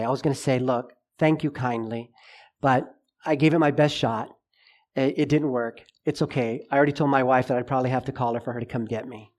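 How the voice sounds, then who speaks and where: A middle-aged man preaching a sermon, telling a personal story with lively acted-out dialogue. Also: fairly high pitch. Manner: animated storyteller, acts out dialogue.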